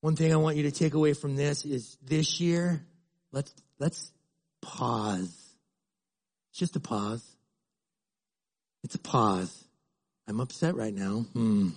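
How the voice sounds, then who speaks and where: A man's voice: medium pitch, takes it slowly, pauses often, a little mellow. A middle-aged male pastor preaching a sermon in a conversational way, acting out little dialogues.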